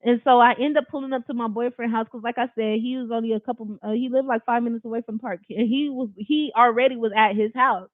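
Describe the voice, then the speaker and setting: A woman's voice: fairly high pitch, steady tone, fast talker, hardly any pauses, dry recording. A woman telling a personal story in a casual storytime style, blunt, emphatic and full of profanity. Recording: tinny phone-like dry recording.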